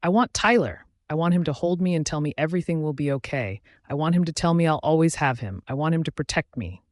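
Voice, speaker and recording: A man's voice: on the high side, lively intonation, quick pace, no echo, clean studio sound, close to an everyday voice. A man voicing a distraught young she-wolf woman who pleads tearfully. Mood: pleading.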